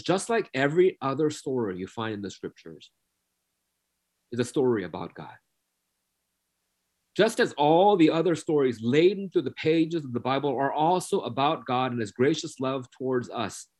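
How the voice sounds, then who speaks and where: A man preaching a sermon who reads scripture aloud and repeats key phrases for emphasis. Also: mid-range voice.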